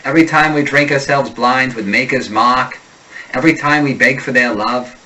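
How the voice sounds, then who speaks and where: A man's voice: medium pitch, moderate pace, sharp tone, slight background noise, close to an everyday voice, poor audio. A man reading as a weary, bitter male Martian who resents Earthlings, in a brooding, defiant monologue. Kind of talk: reading a sci-fi passage aloud.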